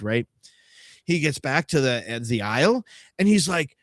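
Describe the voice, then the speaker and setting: A man hosting a live podcast, telling a trip story in a profane, animated way and acting out the other people's voices. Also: on the high side, fairly quick, dry recording, clean studio sound. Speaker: podcast host.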